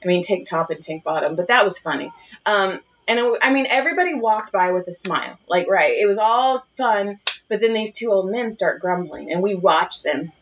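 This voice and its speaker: A woman's voice: mid-range voice, moderate pace, a little hiss or hum. Profane storytelling woman podcast co-host. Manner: animated, profane, laughs at her own stories. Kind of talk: casual storytelling chat. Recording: muffled lo-fi podcast audio.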